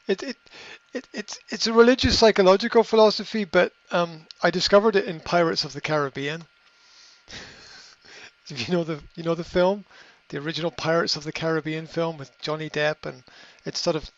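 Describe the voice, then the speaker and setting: Halting, higher-pitched male podcast host. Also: fairly even intonation, no echo. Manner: halting, repeats words, many ums. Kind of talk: motivational monologue. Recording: slightly dull lo-fi audio.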